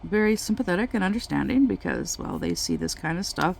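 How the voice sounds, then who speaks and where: A woman vlogger chatting casually while she crafts, telling a story in a slow, halting way with many pauses. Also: fairly low pitch, very animated, vocal fry, a little mellow, slight background noise.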